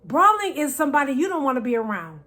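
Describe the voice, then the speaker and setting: A woman giving faith-based marriage advice to women, emphatic and preacherly, repeating key phrases and dropping from loud to soft. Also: high-pitched, big pitch swings, quick pace. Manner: preacherly, quotes scripture, shifts loud to soft.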